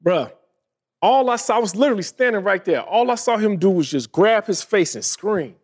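A man in his thirties, a podcast co-host telling a family story in casual chat, animated and laughing often. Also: high-pitched, brisk.

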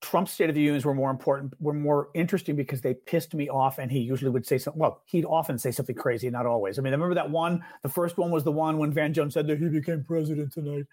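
A man with a somewhat high, husky voice co-hosts a casual political podcast. He rambles through his points with restarts and easy agreement. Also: fairly even intonation, a little mellow. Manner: rambling, chatty, quick to agree. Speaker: podcast co-host.

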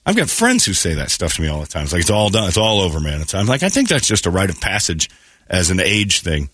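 A man's voice: sits low, huge pitch swings, quick pace, a bit bright, slightly rough, no room sound, studio quality. A man hosting a morning radio show, chatting casually and slipping into mocking quoted voices.

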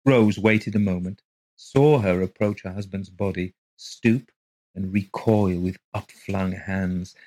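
A man narrating a ghost story for a podcast in a steady, measured way. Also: low-pitched, low-quality recording. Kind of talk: scripted ghost story reading.

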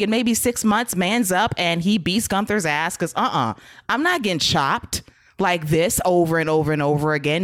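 A woman hosting a wrestling podcast, recapping matches with lively swings in pitch and plenty of laughs and swearing. Her voice sits low for a woman, and the sound is dry and close. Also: no room sound. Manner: lively, laughing, profane storytelling. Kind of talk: casual chat.

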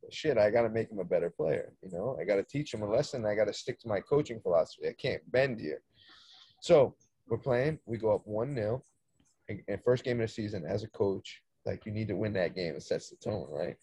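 A man, a soccer coach, telling a story in casual chat, animated, swearing freely and acting out the dialogue. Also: on the low side, brisk, husky, no echo. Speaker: soccer coach, podcast guest.

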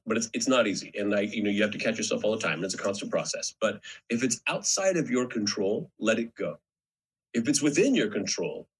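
A man with a somewhat husky voice chats as a guest actor. He talks in a measured, advice-giving way, with lively shifts in pitch. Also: rough recording. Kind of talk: casual chat.

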